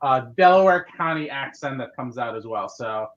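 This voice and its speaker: A man's voice: medium pitch, animated, moderate pace, highs cut off. A man hosting a casual interview podcast, talking in an upbeat way with many fillers and restarts. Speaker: podcast host.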